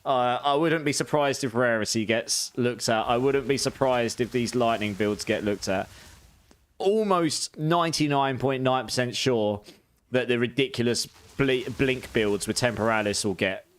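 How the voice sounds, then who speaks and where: Speaking at a normal pace in a mid-range voice, this British man streams games, offering casual, chatty commentary. He laughs frequently as he talks to his chat.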